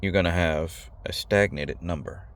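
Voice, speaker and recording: A video host talks directly to camera in a blunt, rambling, casual way, using slang and repeating himself. His voice sits low and moves at a moderate pace.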